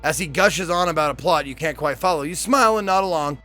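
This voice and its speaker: A man's voice: on the high side, quick pace, bright, forceful tone, faint music behind. Man reading a game's story aloud. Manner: reads dialogue aloud, then swears and jokes in reaction. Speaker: gameplay streamer.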